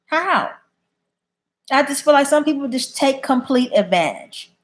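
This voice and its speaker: A woman's voice: high voice, lively intonation, measured pace. A woman chatting casually on a livestream, reading viewer comments and answering them bluntly. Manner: blunt, opinionated. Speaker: YouTube live streamer.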